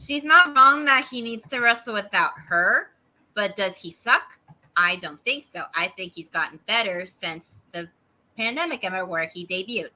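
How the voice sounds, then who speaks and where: A woman co-hosting a wrestling review show, recapping matches in an animated, opinionated way. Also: mid-range voice, moderate pace. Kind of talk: casual recap and banter.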